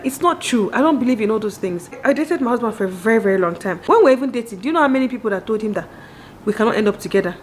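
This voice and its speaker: A woman in her thirties with a Nigerian accent, giving a candid, animated monologue on marriage straight to her viewers and acting out the voices she quotes. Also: mid-range voice, quick pace, a little hiss or hum. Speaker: vlogger.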